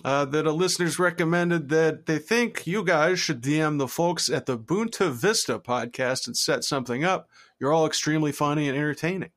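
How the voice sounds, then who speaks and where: A young man co-hosts a comedy podcast, swearing freely and laughing between lines. His voice sits slightly higher than most men's. He sounds relaxed and unpolished. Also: normal speed, few pauses. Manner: crude, laughing, easygoing. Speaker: podcast co-host. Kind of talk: casual comedy podcast chat.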